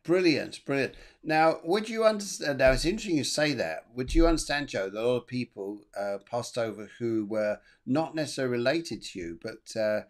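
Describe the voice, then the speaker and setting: A man's voice: mid-range voice, expressive, fairly quick, few pauses. A man hosting a live online psychic show, giving readings and chatting about viewer messages in a rambling way with many fillers. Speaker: medium and show host.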